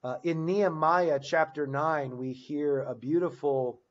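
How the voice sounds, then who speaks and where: A man's voice: fairly high pitch, fairly even intonation, unhurried, highs cut off. Man teaching a Bible class. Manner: explains with many restarts, reads scripture aloud with emphasis. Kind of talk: unscripted church class teaching. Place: church classroom. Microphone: recording device on battery.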